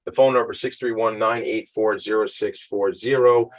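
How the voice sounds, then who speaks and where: Male NY talk host, low-ish, loose and chatty, ad-libbing between segments. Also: steady tone, normal speed. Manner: chatty, off-the-cuff, jokey. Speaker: radio show host. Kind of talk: casual talk radio interview. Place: home attic studio.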